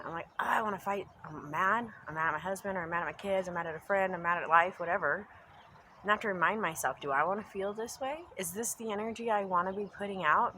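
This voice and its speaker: A woman's voice: on the low side, fairly bright tone, a little hiss or hum, rough recording. A woman giving a casual spoken reflection as a pagan spiritual vlogger at home, earnest and rambling, repeating phrases for emphasis and trailing off into asides. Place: home basement room.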